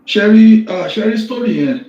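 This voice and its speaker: Guy ranting on a live stream, kinda high voice, sounds far off and muffled in an echoey room. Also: lively intonation, normal speed, mellow. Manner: aggrieved, mixes English and Yoruba.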